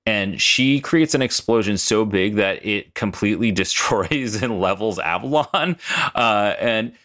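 A man's voice: fairly low pitch, expressive, measured pace, a bit bright. A young man hosting a casual podcast, rambling, swearing and laughing as he recaps a story tape. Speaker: podcast co-host.

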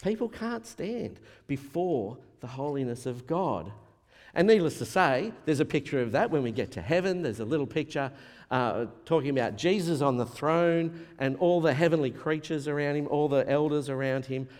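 A man preaching a sermon as a pastor, animated and acting out the voices he quotes. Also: a little high, moderate pace. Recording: long hall reverb.

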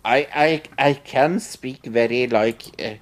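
A woman from Norway, a podcast co-host, chatting casually in English as a second language. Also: extremely low pitch. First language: Norwegian. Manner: slow, unhurried talk with frequent laughs. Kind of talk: casual chat.

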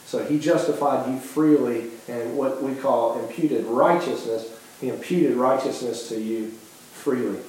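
A man's voice: mid-range voice, unhurried, a little mellow. A man preaching a sermon with passion, often restarting phrases and acting out quoted dialogue. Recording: very echoey hall.

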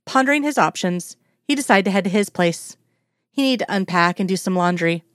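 A woman narrating a story aloud in a steady, measured reading. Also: mid-range voice, no echo, clean studio sound. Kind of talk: audiobook-style story reading.

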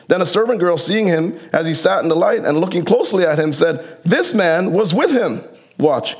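Animated preaching man, slightly higher voice. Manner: animated, acts out Bible characters in casual voices; conversational, uses slang and fillers. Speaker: pastor. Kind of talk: sermon.

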